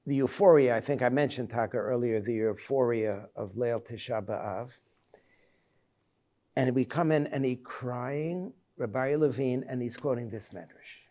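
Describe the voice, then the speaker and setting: A rabbi in his seventies gives a reflective lecture for Tisha B'Av, his voice mellow and medium in pitch. He tells personal stories haltingly.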